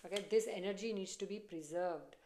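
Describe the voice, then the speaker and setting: A woman's voice: medium pitch, brisk, dark tone, a little hiss or hum. A woman giving a casual tarot reading, chatty and repetitive, often breaking into laughter. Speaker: tarot reader.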